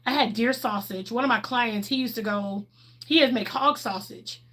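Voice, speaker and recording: Chatty woman, slightly high voice. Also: normal speed, pushed and bright. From Texas, USA. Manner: chatty and candid, laughs often. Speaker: livestream host. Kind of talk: casual livestream chat answering viewers.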